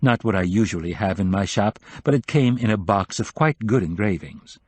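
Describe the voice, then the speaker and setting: A man's voice: on the low side, lively intonation, moderate pace, darkish tone, slightly rough, no room sound. A man voicing a blunt, teasing woman who deals in antiques, in an audiobook reading. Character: brisk woman antiques dealer.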